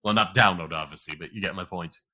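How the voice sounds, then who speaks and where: A man's voice: sits low, quick pace, pushed and bright. A young man co-hosting a casual podcast, rambling with many fillers. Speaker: podcast co-host.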